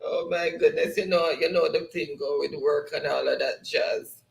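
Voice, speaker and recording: A man's voice: a little high, steady tone, moderate pace, creaky. A man hosting a livestream, reading chat comments aloud in a chatty way, laughing often and slipping into patois. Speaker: livestream host. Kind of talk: reading live chat aloud, casual sign-off. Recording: roomy echo.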